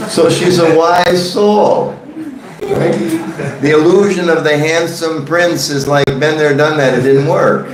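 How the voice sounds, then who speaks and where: A man's voice: a little high, expressive, slow, very noisy. A man teaching a devotional scripture class in a temple hall, conversational and joking, questioning his audience. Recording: echoey room.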